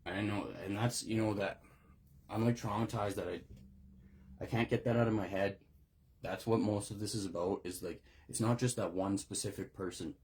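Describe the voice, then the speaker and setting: Man, low husky voice, profane, rambling, emotional, near tears. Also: steady tone, moderate pace, darkish tone. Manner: profane, raw, rambling with restarts. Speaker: recovery video host. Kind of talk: unscripted monologue.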